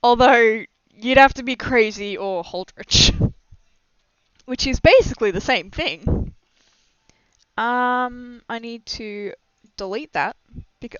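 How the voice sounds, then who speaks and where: Giggly rambling young streamer, smooth voice. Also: medium pitch, slow pace, long pauses, a bit bright, no echo. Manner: rambling, giggly, self-deprecating. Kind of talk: casual live-stream chat. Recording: slightly dull lo-fi mic, dry.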